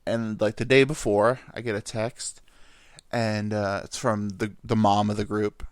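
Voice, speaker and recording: A man's voice: on the low side, unhurried, smooth, no room sound, clean studio sound. A man in his thirties from New York, telling rambling, crude stories in a casual solo monologue. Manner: rambling, animated, crude humor, jumps into silly voices. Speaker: vlogger.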